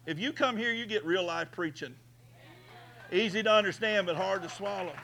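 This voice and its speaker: A man preaching a sermon as pastor, swinging from quiet storytelling to shouted, tearful prayer. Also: high-pitched, normal speed, vocal fry, a little hiss or hum.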